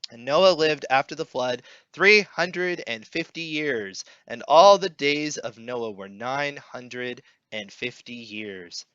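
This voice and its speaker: Man, young adult, bright voice, relaxed friendly reading, dry close sound. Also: mid-range voice, smooth, no room sound, lo-fi sound. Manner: relaxed, friendly, reads scripture aloud with pauses. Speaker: podcast co-host. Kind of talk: casual Bible reading podcast.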